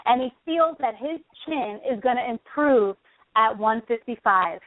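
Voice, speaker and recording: A woman co-hosting a casual radio talk show, lively and playful, laughing often. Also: fairly high pitch, a little slow, no echo. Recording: dry, tinny phone-like sound.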